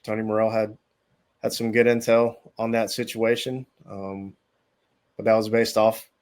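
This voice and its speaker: A man's voice: on the low side, level tone, a little slow, darkish tone. A man speaking as a guest recruiting analyst on a sports radio show, hesitant, with many ums and repeated words. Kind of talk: casual sports radio interview.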